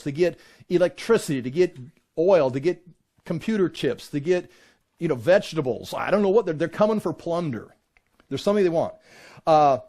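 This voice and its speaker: Animated, high-voiced man teaching a Bible class. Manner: animated, with sarcastic asides and mock voices.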